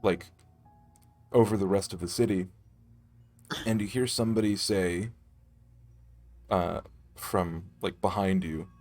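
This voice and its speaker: A man's voice: low-pitched, fairly even intonation, slow, long pauses, darkish tone, soft background music. A man narrating casually as game master in a tabletop game, with frequent swearing.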